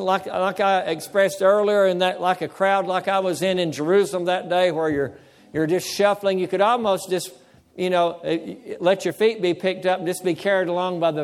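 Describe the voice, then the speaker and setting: A man with a high-pitched voice delivers a sermon as a pastor. He calls out for amens from the congregation and slows his pace to lean on the words that matter. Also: in a large hall. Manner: preaching with call-and-response, slowing to stress key words.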